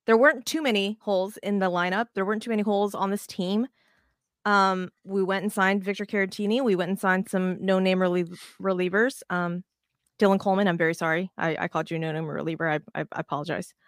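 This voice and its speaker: A woman co-hosting a casual baseball podcast, talking in an animated, rambling way with restarts and plenty of swearing. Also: mid-range voice, fast talker, dry recording, studio quality. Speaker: podcast co-host.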